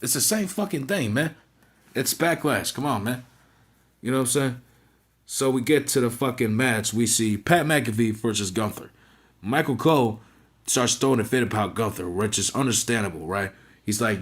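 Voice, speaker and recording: A man's voice: medium pitch, normal speed, slightly rough. A man giving a casual, profane, mocking recap of a wrestling show, full of "right?" and "you know what I'm saying" fillers. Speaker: wrestling reviewer.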